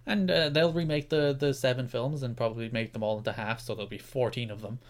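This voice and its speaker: A man's voice: mid-range voice, steady tone, fast talker. A man with an Irish accent co-hosting a podcast in casual chat, rambling and restarting his sentences often. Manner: rambling, repeats words and restarts often, laughs easily. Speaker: podcast co-host.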